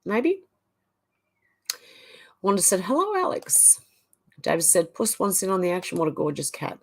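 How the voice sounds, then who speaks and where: Husky and lowish, an Australian woman's voice moves at normal speed as she hosts a livestream, reading comments from the chat and replying in a casual way.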